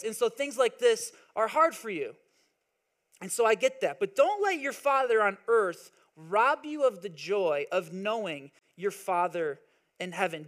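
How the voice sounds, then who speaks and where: A young man preaching a sermon in a conversational, animated way, often checking in with his listeners. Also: sits high. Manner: conversational, animated storytelling with frequent "right?" asides. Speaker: pastor.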